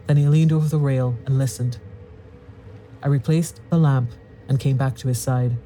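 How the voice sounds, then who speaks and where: A man narrating a classic horror story in a measured, steady storytelling manner. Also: mid-range voice, a little hiss or hum.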